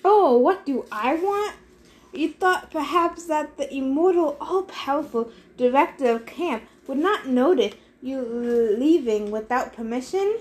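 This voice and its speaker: A woman playing a haughty immortal, coldly sneering and weary of mortals. He lectures with scorn, his tone clipped and contemptuous. A storybook god with a high, bright voice from the reader. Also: animated, unhurried, hardly any pauses. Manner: sneering, disdainful. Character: sneering, bored male wine god, camp director.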